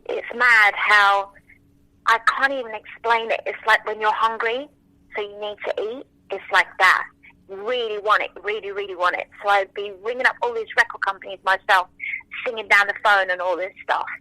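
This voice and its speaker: A woman in her forties, a French native speaker, is an interview guest sharing memories with lively enthusiasm. She often slips into little acted-out quotes. Her voice is bright and crisp, recorded close and dry with no room sound. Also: medium pitch, normal speed, no echo, rough recording. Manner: animated, enthusiastic, acts out quotes. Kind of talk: casual interview storytelling.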